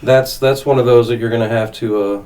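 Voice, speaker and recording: A man hosting a casual podcast chat, with dry, deadpan humor. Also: mid-range voice, fairly quick. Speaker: podcast host. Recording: distant mic with faint noise.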